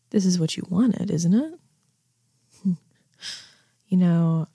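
Whispered role-play: woman as a self-assured, teasing neighbor, low and husky, close and dry. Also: dark tone, no echo. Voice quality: breathy, half-whispered. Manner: slow, coaxing, commanding.

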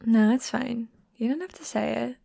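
A woman's voice: fairly high pitch, normal speed, vocal fry, no echo. A woman doing a teasing, whispery young friend. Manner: soft teasing whispers and giggles. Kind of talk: whispered role-play.

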